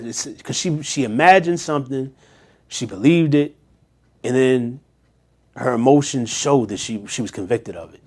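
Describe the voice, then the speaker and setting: A man with a mid-pitched voice reads old scripture aloud in an ordinary speaking tone. He keeps cutting in with loose, slangy asides and rhetorical questions to his listeners, like a relaxed Bible study leader. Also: moderate pace. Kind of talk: scripture reading with casual commentary.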